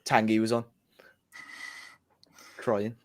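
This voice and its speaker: Man cracking quick stream reactions. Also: fairly low pitch, flat delivery. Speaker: co-host. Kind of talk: casual live stream chat.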